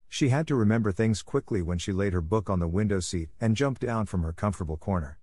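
A man narrating a classic novel as an audiobook for language learners, reading in a measured, clear way. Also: lowish voice, darkish tone, dry recording.

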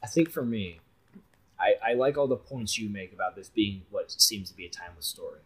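A man's voice: fairly low pitch, brisk, slightly rough, rough recording. A young man co-hosting a podcast, chatting casually and rambling a bit as he reviews a movie. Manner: relaxed, rambling with fillers. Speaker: podcast co-host.

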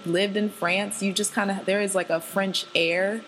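A woman's voice: mid-range voice, fairly even intonation, normal speed, a bit bright, a little hiss or hum, poor audio. A young American woman hosting a casual interview chat, gushing and giggly, rambling with lots of fillers. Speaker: podcast host.

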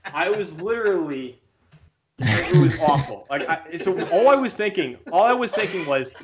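Over a loud crowd, this young podcast co-host spins a story in a relaxed way, performing each quoted voice with animation. He speaks at a moderate pace, his voice sitting on the high side.

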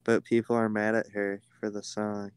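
A man's voice: lowish voice, completely flat delivery, normal speed, clear, resonant tone, dry recording. A young man chatting casually on an online podcast call, making dry, teasing remarks.

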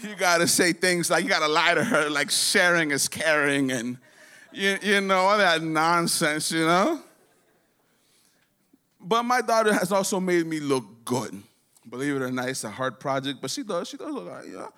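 A man's voice: a little high, lively intonation, sharp tone, clean tone. Crude, rambling stand-up comedian man. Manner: does quick voices for his daughter and others.

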